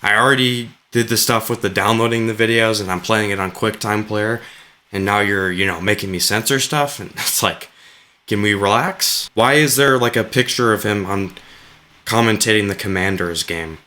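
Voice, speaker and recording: A man's voice: fairly low pitch, fairly even intonation, moderate pace, sharp tone. A man giving sarcastic, rambling reaction commentary on video clips and swearing freely.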